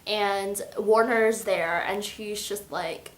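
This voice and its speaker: A woman's voice: a little high, expressive, moderate pace, a bit bright, reverberant. A young woman chatting casually about a book she loves, giggling and acting out lines in little voices. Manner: gushing, giggly, acts out quotes in voices. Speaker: book vlogger. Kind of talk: casual book review chat.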